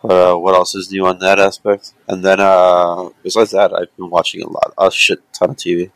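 A man with a very low, gravelly voice, talking loosely and rambling through a casual podcast chat. He leans on fillers and drifting asides. The sound is close and dry. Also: monotone, normal speed, fairly bright tone, dry recording, low-quality recording. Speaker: podcast co-host.

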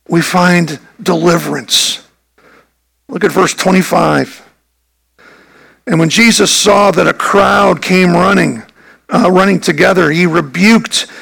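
Gravelly-voiced man preaching slowly. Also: fairly high pitch, fairly bright tone, rough recording. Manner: earnest, emphatic preaching with restarts. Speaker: pastor. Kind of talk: sermon.

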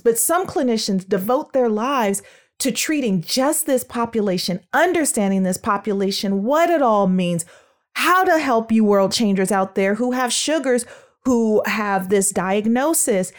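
A lively woman in her thirties hosts a solo podcast as a speech therapist. Her voice sits a little high, and she leans hard on words with playful, emphatic swings. The delivery is upbeat chat aimed straight at her listeners. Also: a little slow. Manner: energetic, playful, emphatic with big pitch swings. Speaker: podcast host, speech-language pathologist.

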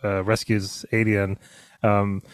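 A man co-hosting a casual book discussion, rambling with lots of fillers and restarts and slipping into animated impressions of characters. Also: on the low side, slow pace, clean tone, dry recording, studio quality. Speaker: podcast co-host.

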